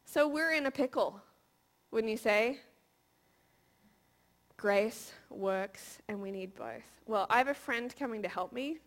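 A woman's voice: fairly high pitch, animated, unhurried, pauses often, a bit bright. A woman in her thirties giving a conversational, playful sermon and often asking the audience questions. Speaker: preacher.

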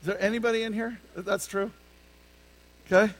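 A man's voice: sits high, steady tone, a little fast, fairly bright tone, low-quality recording. A male pastor preaching a conversational sermon to his congregation, often stopping to ask them rhetorical questions. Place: church sanctuary with a congregation.

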